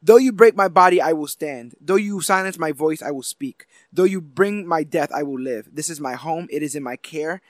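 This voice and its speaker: A man reads out a superhero's grave, rousing speech, his voice sitting a little high. The delivery is solemn and declaiming. The sound is close and dry. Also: normal speed, few pauses, no room sound, lightly acted. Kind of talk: dramatic reading aloud.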